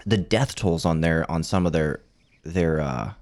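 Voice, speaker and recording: A man's voice: a bass voice, unhurried, a little mellow. A man co-hosting a casual podcast, joking and telling things animatedly with frequent laughs. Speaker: podcast co-host. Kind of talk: casual chat.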